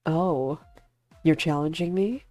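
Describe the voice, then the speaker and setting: A woman voicing an arrogant famous male actor in a visual novel, speaking slowly and dismissively. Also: low voice, dark tone, no room sound, soft background music. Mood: mocking.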